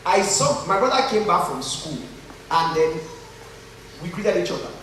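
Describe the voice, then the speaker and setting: A Nigerian man speaking to a live conference crowd, his high voice swinging widely as he jokes and tells stories. He sounds distant, and the large hall rings with heavy echo. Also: moderate pace, slight background noise. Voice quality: animated storyteller, joking and earnest by turns. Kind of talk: motivational talk to a live audience. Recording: echoey hall from far off.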